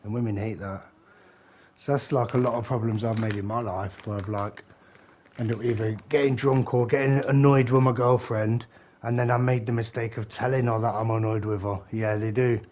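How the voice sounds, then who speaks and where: A man's voice: on the low side, fairly even intonation, moderate pace, a little mellow, slight background noise. Forties man, gamer, chatty and swearing, frequent laughter. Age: 40s. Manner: rambling, laughs often, swears. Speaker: game streamer. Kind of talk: casual chat.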